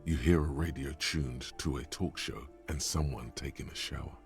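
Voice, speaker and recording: An actor voicing a grave male game narrator, describing scenes in a slow, measured way. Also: rumbling low, vocal fry, faint music behind. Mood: somber.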